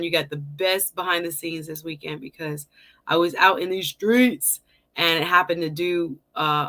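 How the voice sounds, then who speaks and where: A middle-aged woman hosting a casual livestream, chatting warmly with viewers, greeting them by name and laughing often. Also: lowish voice. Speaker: livestream host.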